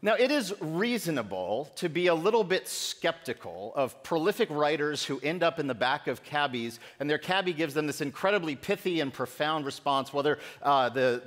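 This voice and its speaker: A man's voice: on the high side, a bit bright. A middle-aged man preaching a sermon as pastor, in a conversational way with self-deprecating humor. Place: church sanctuary. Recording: echoey church sanctuary.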